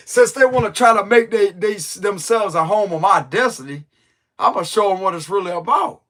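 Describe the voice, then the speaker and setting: A man's voice: sits high, normal speed, fairly bright tone. A man who reads tarot, telling a story in a loose, joking way full of slang. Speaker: tarot reader. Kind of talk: casual storytelling chat.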